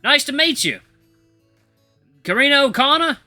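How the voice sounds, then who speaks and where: A man voicing an eager, flustered young male shepherd-dog mentor with a put-on Australian accent, loud and apologetic. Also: extremely high pitch, animated, measured pace, no room sound, faint music behind, voice pushed up, full character voice. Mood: cheerful. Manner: breathless, apologetic, overexcited.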